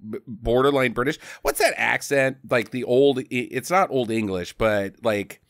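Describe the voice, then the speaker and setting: A man's voice: medium pitch, moderate pace, no room sound. Man, podcast host, rambling movie recap, dry close mic. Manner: rambling storyteller who slips into voices. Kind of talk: casual chat, movie recap.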